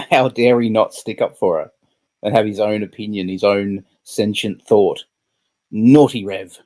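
A man's voice: on the low side, measured pace, warm tone. A man giving sarcastic commentary over a stream. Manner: sarcastic, laughing asides. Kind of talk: mocking commentary.

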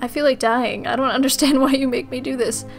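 A woman voicing a troubled young orphan girl in a horror game, flat and sullen. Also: sits high, brisk, vocal fry, soft background music.

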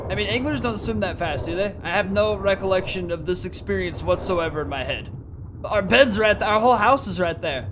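A young man commentating his game play, excitable and profane, often yelling at the screen. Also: high-pitched, fairly quick, noisy background. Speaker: gaming YouTuber.

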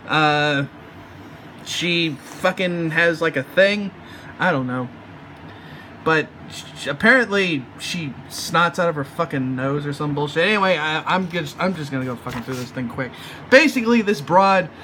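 A man ranting through a comic review in a casual, sneering way, swearing constantly and stumbling over his fillers. His voice sits a touch high, with a bright, sharp edge. He sounds like he's chatting straight to his viewers. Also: lively intonation, normal speed, a little hiss or hum. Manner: profane, sneering, rambling with many fillers.

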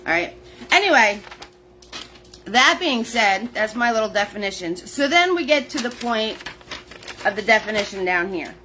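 A woman's voice: on the high side, animated, normal speed, pauses often, bright, forceful tone, a little hiss or hum, rough recording. A woman hosting a live painting lesson, chatty and laughing often, greeting viewers by name as she explains terms. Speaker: painting class host.

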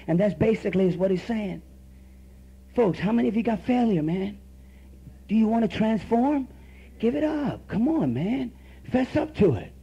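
A man's voice: high voice, animated, moderate pace, creaky, pauses often, warm tone, slightly rough. A man preaching a rousing, colloquial sermon as pastor, firing questions at the congregation in a church. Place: church sanctuary. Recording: dull lo-fi church sermon recording.

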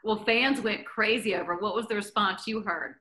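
A woman's voice: medium pitch, normal speed, pushed and bright. A woman interviewing a guest for an entertainment show, asking questions in a gushing, upbeat way.

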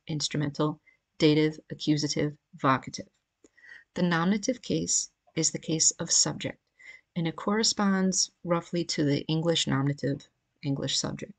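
Woman lecturer, low gravelly voice, patient and explanatory, home-recorded lesson. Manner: patient, explanatory, reading from a grammar. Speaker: Greek grammar teacher. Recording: questionable home audio.

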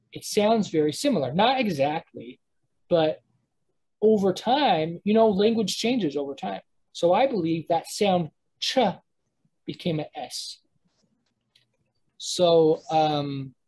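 In a slightly rough, darkish, mid-range voice, a woman leads a live Hebrew pronunciation class. Sounding out words, she keeps restarting and self-correcting as she reasons aloud to her students, and the audio is poor.

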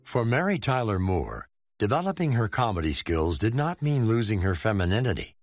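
A man's voice: fairly low pitch, very animated, moderate pace, faint music behind. A man giving scripted, polished documentary narration.

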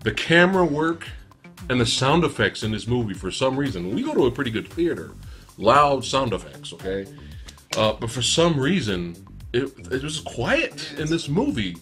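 A man co-hosting a casual movie review, talking in animated, exasperated bursts and laughing often. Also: medium pitch, moderate pace, faint music behind.

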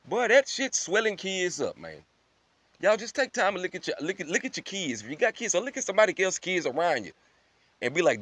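A man talks straight to his audience as a reaction video host, his pitch swinging up and down as he gets worked up. His talk is loose, slangy and full of cursing, broken by laughter. The sound is dry and close, with no room echo. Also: fairly quick. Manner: animated, slangy, profane, laughs often; addresses viewers as family. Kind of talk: casual reaction commentary.

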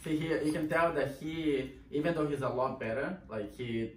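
A man's voice: on the high side, moderate pace. Man dog trainer, echoey and distant. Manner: talks in short bursts, breaking off to give the dog commands. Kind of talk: explaining while training a dog. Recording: echoey room, distant mic, noisy background.

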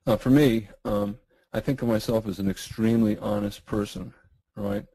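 A middle-aged man, losing his voice and clearing his throat, answering webinar questions in a halting way with many fillers and restarts. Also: fairly low pitch, steady tone, dark tone, no room sound, rough recording. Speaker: guest trading educator.

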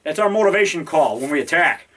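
A man in his fifties rambling excitedly through a home video in his basement, now and then growling mock monster roars. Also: on the high side, quick pace. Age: 50s. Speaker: independent horror filmmaker. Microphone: handheld digital camera.

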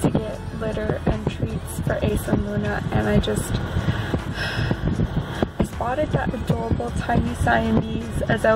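A woman vlogging from a parked car, talking in a rambling, excitable way full of filler words. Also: mid-range voice, creaky, rough recording. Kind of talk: casual chatty vlog. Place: parked car outside a store. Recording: car and air-conditioning noise.

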